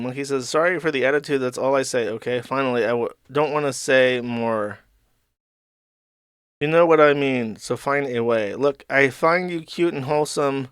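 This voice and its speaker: A man's voice: medium pitch, moderate pace, fairly bright tone, clear, resonant tone, no room sound, clean studio sound. Crude sarcastic male streamer. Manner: sarcastic, crude asides between read-out messages. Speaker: streamer host. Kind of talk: live stream commentary reading messages aloud.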